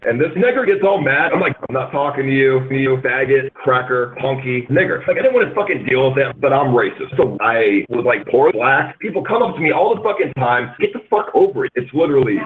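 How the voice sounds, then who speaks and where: A man's voice: medium pitch, animated, a little fast, hardly any pauses. A male caller delivering a crude, swearing, provocative rant on a radio show. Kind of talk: profane call-in rant. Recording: tinny phone line.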